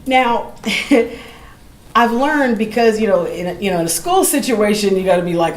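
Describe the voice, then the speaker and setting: Animated woman storyteller in a roomy gallery. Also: mid-range voice, normal speed. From Oakland, California. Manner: animated, acts out quoted voices, laughs easily. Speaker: jazz vocalist and educator. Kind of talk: storytelling between songs at a live gallery show. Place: gallery event space. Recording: roomy live room with ambient noise.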